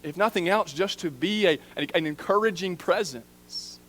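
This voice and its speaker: Earnest man preaching a sermon. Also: normal speed. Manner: earnest, drops to soft low emphasis on key phrases. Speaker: preaching minister. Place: church sanctuary.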